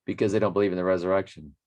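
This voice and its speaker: A man's voice: low-pitched, a little mellow. A man hosting a daily Bible study, reading scripture aloud and musing on it in a rambling, self-correcting way. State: a bit winded after a workout. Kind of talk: casual Bible reading and commentary.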